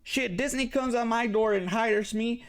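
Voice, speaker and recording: Ranting in animated, profane bursts, a young man gives blunt reaction commentary on clips. He is Mexican-American, grew up near a casino, and speaks at a moderate pace in a very high, clear, resonant voice.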